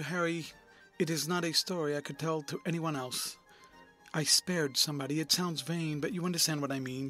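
An earnest, troubled young gentleman of a storybook pleads his case in a fairly high voice, as a male narrator reads him. Faint music hums beneath him.

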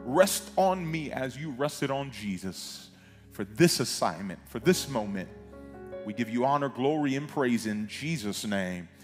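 A man preaching as a pastor, reading scripture aloud with emphatic pauses and side comments. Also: medium pitch, expressive. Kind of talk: sermon. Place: church sanctuary. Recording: long reverb of a large hall, music behind.

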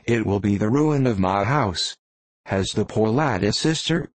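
A man voicing a bossy, practical middle-aged female innkeeper in an audiobook reading, scolding and brisk. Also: on the low side, expressive, no room sound.

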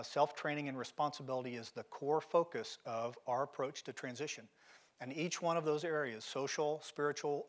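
A man's voice: medium pitch, a bit bright. Emphatic middle-aged male keynote speaker. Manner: direct, emphatic storytelling. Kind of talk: motivational seminar talk. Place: seminar venue.

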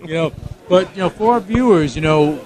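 A man's voice: on the high side, expressive, brisk, darkish tone. A man hosting an interview, chummy and casual, filling his talk with "you know" and "man". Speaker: interview host.

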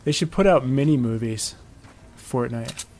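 A man's voice: medium pitch, measured pace, a little mellow, slight background noise. A man giving casual, chatty commentary on his own moves as he plays a video game. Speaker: gameplay commentator.

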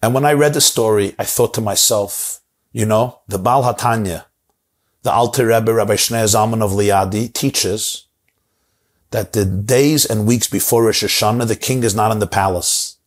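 A man telling a story in a sermon, slowing down and repeating phrases for emphasis. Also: fairly low pitch. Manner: slows down to stress key words, repeats phrases for emphasis.

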